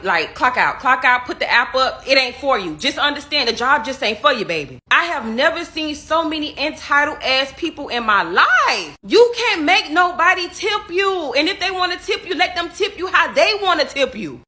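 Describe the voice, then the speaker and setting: A woman's voice: high-pitched, bright, forceful tone. A woman giving an exasperated, scolding opinion rant with a sarcastic edge.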